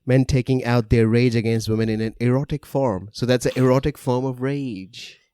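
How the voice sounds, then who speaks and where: A man's voice: mid-range voice, steady tone, normal speed, warm tone, clear, resonant tone, no room sound, studio quality. A young man co-hosting a casual podcast chat, joking and laughing between his words. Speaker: podcast co-host.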